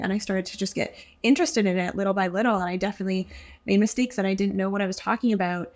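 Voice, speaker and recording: A woman's voice: mid-range voice, steady tone, racing. A woman guest on a casual podcast, talking earnestly and reflectively about her job, with frequent ums. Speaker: guest, front-of-house server and wine learner.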